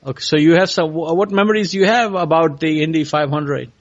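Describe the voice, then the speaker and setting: Halting male podcast host, lo-fi. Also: a little high. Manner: halting, asks questions with many pauses. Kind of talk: interviewing a guest. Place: California.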